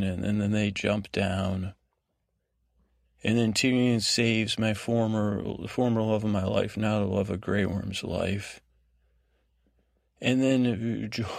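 Gravelly, meandering male podcast host. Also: on the low side, dry recording, studio quality. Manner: meandering, halting, full of restarts and asides. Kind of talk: rambling bedtime recap of a TV episode.

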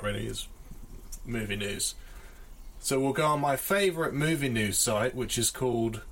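A man's voice: fairly low pitch, a bit bright. Man, solo podcast host, rambling casual chat, self-deprecating, jokey. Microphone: audio interface.

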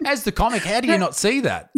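An animated male comedian with an Australian accent tells rowdy gig stories full of swearing. His voice sits a little high for a man, and it jumps higher still at the punchlines. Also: brisk. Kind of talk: casual podcast chat.

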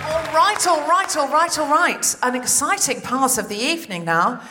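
A woman host introducing acts on stage, loudly hyping the crowd. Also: high voice, animated, moderate pace, faint music behind. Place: theatre stage with live audience. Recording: roomy live theatre sound with crowd.

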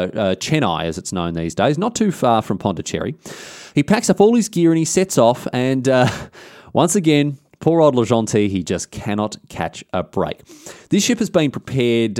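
A man's voice: mid-range voice, darkish tone, dry recording, clean studio sound. An Australian man hosting a podcast, telling history in a casual, slangy, irreverent way. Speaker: podcast host.

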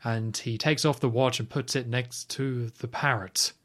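A man's voice: mid-range voice, steady tone, measured pace, a bit bright. A man in casual conversation about a film, recapping the plot with wry asides. His voice sits in the middle range. He acts out lines from scenes in passing. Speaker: podcast co-host. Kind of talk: casual film review chat.

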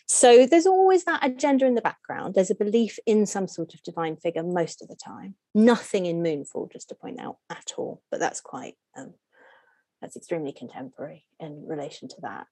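In a podcast interview, a female scholar appearing as a guest explains things at length. She's animated, jumps up in pitch when she jokes, and fires off strings of rhetorical questions. Her speed is normal, and there's no echo.

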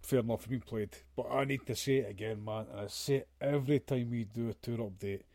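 A man's voice: medium pitch, quick pace, mellow, no room sound. A man co-hosting a casual podcast chat, blunt and sweary, ranting with plenty of filler. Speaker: podcast co-host.

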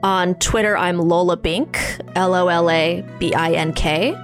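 Playful female podcast guest, mid-pitched, quick to laugh, faint music underneath. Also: fairly even intonation. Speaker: guest, horror writer. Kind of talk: casual chat.

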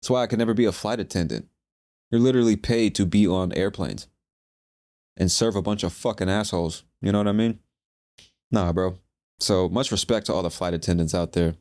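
A young man hosting a casual solo podcast, talking in a profane, animated, slangy way. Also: low voice, brisk. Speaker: podcast host.

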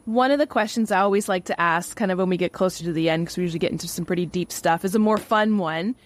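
A woman with a Canadian accent hosting a podcast interview, chatty and quick to laugh. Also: fairly low pitch, a little hiss or hum. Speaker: podcast host. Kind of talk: casual interview.

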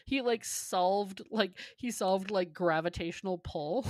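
Chatty podcast co-host, woman, mid pitch, giggly, dry close recording. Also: expressive, takes it slowly, no echo. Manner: giggly, chatty, full of "like" fillers. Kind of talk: casual chat.

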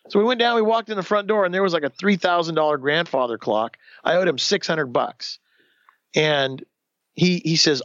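A man in his fifties telling his own story in a candid interview, animated, acting out the voices of the people he quotes, often restarting sentences. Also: a little high, a little fast, dry recording, muffled recording. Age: 50s.

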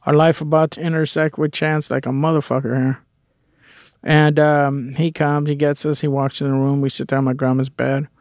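A man's voice: fairly high pitch, little pitch movement, moderate pace, darkish tone, no room sound, studio quality. A man candidly telling a personal story in a conversational way, with the odd curse word. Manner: candid, conversational, with occasional swearing.

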